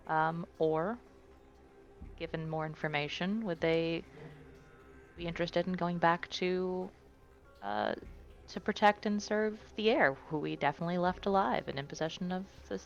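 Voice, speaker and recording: A woman's voice: lowish voice, moderate pace, muffled recording, soft background music, lightly acted. A woman voicing a curious, thoughtful female adventurer in a tabletop game, musing aloud in character. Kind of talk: tabletop role-play in character.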